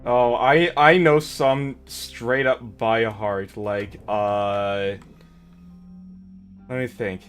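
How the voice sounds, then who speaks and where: A man's voice: medium pitch, steady tone, drawn-out words, fairly bright tone, soft background music. A man chatting casually as a guest on a stream, playful and teasing. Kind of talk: casual chat.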